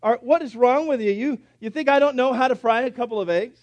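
A man's voice: very high-pitched, a little fast, no echo, voice pushed up. A male preacher acting out an exasperated wife who is indignantly questioning her husband. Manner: indignant, incredulous. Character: exasperated wife, middle-aged woman.

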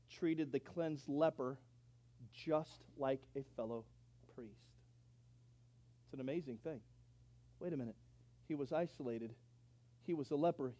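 A man with a high voice preaches a sermon with great fervor. He swings from near-whispered scripture reading to ringing, excited exclamations. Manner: reads scripture in a low, slow voice.

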